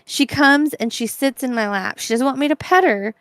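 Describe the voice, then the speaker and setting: A young woman co-hosting a podcast, chatting casually and telling a story with lively put-on voices and giggles. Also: high-pitched, normal speed, no echo. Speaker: podcast co-host. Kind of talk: casual chat.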